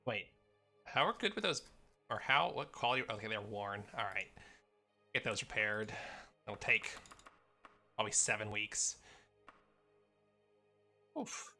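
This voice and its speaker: A man's voice: on the low side, measured pace, pauses often, sharp tone, faint music behind. An American man live-streaming a game, chatting with viewers in a rambling, easygoing way and muttering asides as he plays. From United States. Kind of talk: casual live game stream, answering chat.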